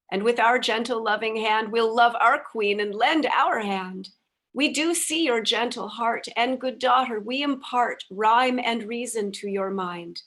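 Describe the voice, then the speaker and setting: A woman's voice: medium pitch, a bit bright. Woman reciting rhyming verse like an incantation. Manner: rhythmic, incantatory verse delivery. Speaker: interview guest. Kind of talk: reciting a channeled rhyming poem.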